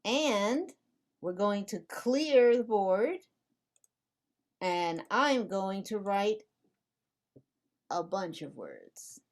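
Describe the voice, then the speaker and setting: A woman teaching English, talking very slowly and deliberately. She repeats the same rule again and again with patient, playful questions. Her voice sits at a middling pitch. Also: expressive. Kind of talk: slow, deliberate classroom explanation.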